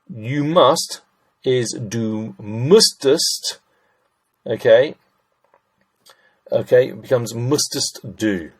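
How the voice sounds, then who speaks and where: A middle-aged German grammar teacher speaks slowly at medium pitch, pausing often, his voice slightly rough. Recording his screen, he chats and thinks aloud through the sentences, referring to his audience as ladies and gents.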